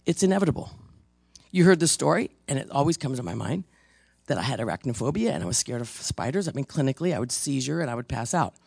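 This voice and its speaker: Gravelly, emphatic preacher man, dry sound. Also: mid-range voice, big pitch swings, fast, darkish tone, no echo. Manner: emphatic, storytelling, frequent restarts. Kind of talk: conversational ministry teaching.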